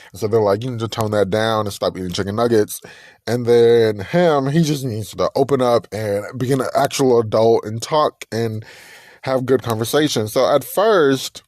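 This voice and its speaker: A man's voice: mid-range voice, darkish tone, no echo. A young man hosting a podcast, animatedly recapping a reality TV episode, acting out the people in it and laughing often. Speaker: podcast host.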